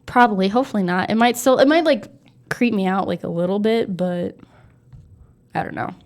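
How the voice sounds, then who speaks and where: A woman's voice: medium pitch, fairly quick, darkish tone. A young adult woman co-hosting a casual chat, talking in a hesitant, easily spooked way with many fillers. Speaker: co-host.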